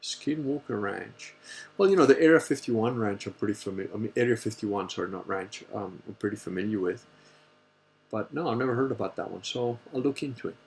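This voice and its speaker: A man hosting a casual Q&A livestream, telling a story in a rambling, animated way and swearing freely. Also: lowish voice, a little fast, gravelly. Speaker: host answering viewer questions.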